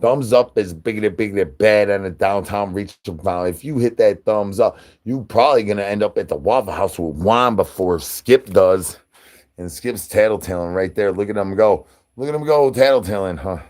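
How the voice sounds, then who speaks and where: A man's voice: lowish voice, normal speed, a little mellow. A man hosting a livestream, rambling in goofy nonsense wordplay and chants. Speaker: livestream host.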